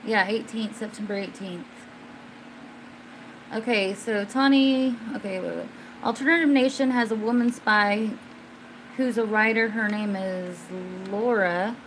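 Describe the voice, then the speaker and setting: Woman host, unhurried casual stream chat, rambling with fillers, faint room hum behind. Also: medium pitch. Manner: rambling, with many fillers and restarts; gets suddenly excited and loud at times. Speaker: livestream host answering viewers.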